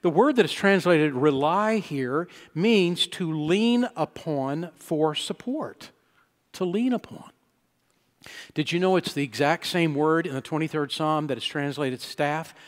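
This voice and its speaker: A male pastor preaching a sermon, telling a personal story and building to loud, emphatic peaks. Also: a little high, measured pace. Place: church sanctuary. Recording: long church-hall reverb.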